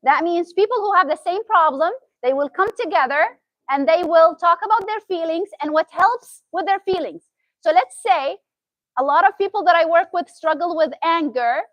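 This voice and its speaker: A woman's voice: very high voice, moderate pace, no room sound, muffled recording. A woman from Syria with a Syrian Arabic accent, a therapist giving a chatty talk and often asking the audience questions. Arabic is her first language. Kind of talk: interactive motivational talk.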